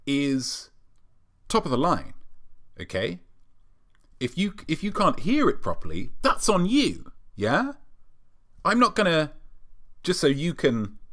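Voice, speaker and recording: A man's voice: medium pitch, bright, forceful tone. A British man hosting a weekly live show alone, delivering a sarcastic, mock-smug comedic monologue. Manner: sarcastic, mock-smug, playfully self-aggrandizing.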